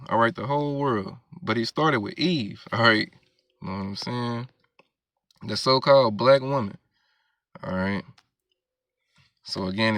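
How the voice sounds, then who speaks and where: Man, preacher, low gravelly voice, dry close sound, reads verses then explains, frequent "all right?". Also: fairly bright tone, no echo. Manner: keeps asking "all right?" and "you know what I'm saying". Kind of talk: scripture reading with commentary.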